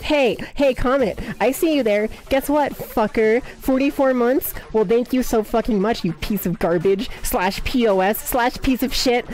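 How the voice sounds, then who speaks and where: A woman streamer greeting her chat in a live stream, excitable and squealing, swearing freely over faint background music. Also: fairly high pitch, measured pace, hardly any pauses.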